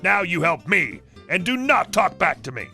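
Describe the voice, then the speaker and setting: A man's voice: high voice, sing-song, normal speed, faint music behind, full character voice. A man voicing a rude, demanding woman customer who barks orders at a stranger. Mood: bossy. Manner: bossy, yelling orders.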